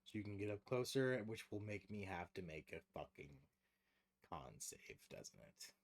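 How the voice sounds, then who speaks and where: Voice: deep voice, lively intonation, moderate pace. A game master running a tabletop game on stream, talking casually, swearing freely and laughing often.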